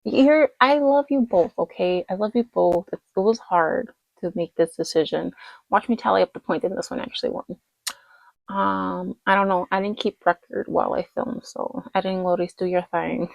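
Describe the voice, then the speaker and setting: A woman's voice: mid-range voice, moderate pace, creaky, dry recording, muffled recording. A woman casually reviewing dolls in a rambling, chatty vlog, tired late at night. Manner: chatty and rambling, lots of fillers and self-corrections. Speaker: doll collector vlogger.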